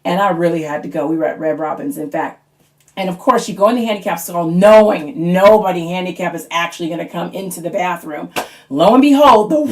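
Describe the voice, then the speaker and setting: Chatty thirty-something woman doing stand-up. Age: 30s. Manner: chatty and animated, acts out her kids in squeaky voices. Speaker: stand-up comic auditioning. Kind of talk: stand-up comedy monologue. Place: at home.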